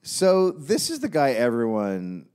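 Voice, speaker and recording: Lively-pitched male comic storyteller. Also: unhurried, clear, resonant tone. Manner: deadpan narration broken by jokey asides. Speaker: podcast co-host telling a history story. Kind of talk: comedic storytelling chat.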